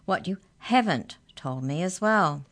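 A sly little storybook mouse that is really the Tooth Fairy, cheerful and quietly smug, as a woman reads it aloud. The voice sits low and teases with knowing calm. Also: measured pace. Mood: teasing. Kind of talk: children's storybook reading.

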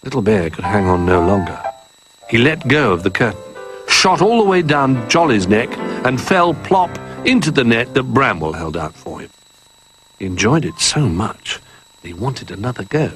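A man reading a children's story aloud in an expressive, animated way. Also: mid-range voice, moderate pace, over music, rough recording.

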